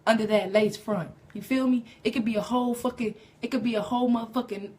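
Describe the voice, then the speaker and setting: A woman livestreaming a profane comic story on her phone, rambling and growing loud and shrill when worked up. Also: fairly even intonation, fast talker. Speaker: livestream comedian. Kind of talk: comic storytelling on a live stream.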